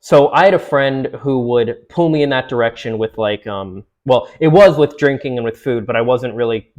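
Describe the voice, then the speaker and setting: A young man in his twenties chats loosely to his viewers. He rambles and restarts sentences, and fillers, laughs and the odd swear word break up his talk at an ordinary middle pitch. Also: moderate pace, a little mellow. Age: 20s. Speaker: vlogger. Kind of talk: casual chat to camera.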